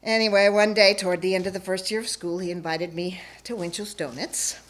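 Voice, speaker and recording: A woman's voice: medium pitch, steady tone, a little fast, slight background noise. A woman telling a personal story onstage before a live audience, playful and self-mocking.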